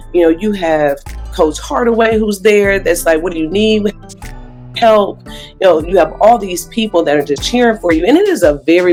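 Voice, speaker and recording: A woman's voice: lowish voice, darkish tone. A woman in her forties, a basketball coach, giving earnest, reflective interview answers with easy laughs.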